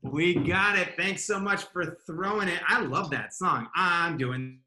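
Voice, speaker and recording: A man's voice: high voice, measured pace, sharp tone, roomy sound, poor audio. A man hosting a children's video-call show, cheerful and encouraging. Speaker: host.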